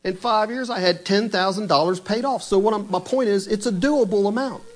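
A married man preaching a sermon in an animated way, asking many rhetorical questions and retelling scripture. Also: sits high, a little fast. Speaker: pastor.

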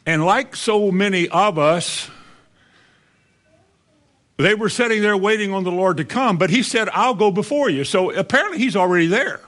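A man's voice: high voice, moderate pace, pauses often, a bit bright. A man preaching a sermon as a pastor, telling the story in a folksy, conversational way.

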